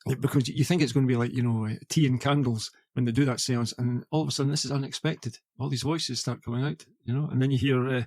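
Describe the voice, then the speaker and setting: A man's voice: medium pitch, vocal fry, darkish tone, dry recording. Rambling man on a podcast. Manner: rambling, many fillers and restarts. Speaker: podcast co-host. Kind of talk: casual film chat.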